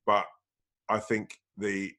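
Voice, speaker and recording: A man's voice: on the low side, completely flat delivery, takes it slowly, sharp tone. A man hosting a casual chat, rambling with many fillers as he builds up his questions. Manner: rambling, heavy on fillers and restarts. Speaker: podcast host.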